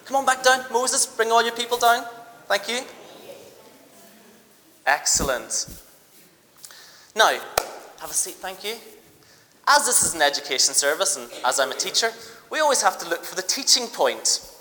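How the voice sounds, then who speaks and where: Bright-voiced teacher acting out a story. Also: medium pitch, in a large hall. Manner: lively, directs helpers with quick requests and praise. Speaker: teacher leading a church education service. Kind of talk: acting out a Bible story with volunteers.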